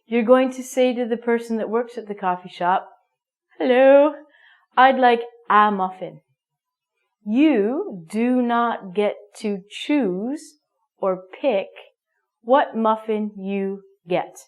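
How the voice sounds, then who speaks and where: Slow-talking, playful woman teacher. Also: fairly high pitch, darkish tone. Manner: playful, acts out little scenes with big emphasis. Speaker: English teacher. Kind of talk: classroom grammar lesson.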